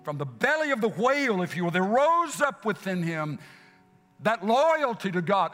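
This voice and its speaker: A man preaching a sermon, repeating phrases for emphasis and swinging from loud exclamations down to hushed whispers. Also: high-pitched, sing-song, normal speed. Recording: long hall reverb with faint music.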